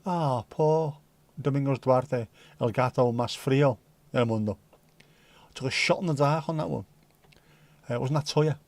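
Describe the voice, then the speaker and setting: A man's voice: medium pitch, unhurried, pauses often, a little mellow, no room sound. Dry-humoured man rambling on a livestream. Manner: dry, rambling banter, slips into silly voices. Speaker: livestream host. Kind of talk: casual chat reading viewer comments.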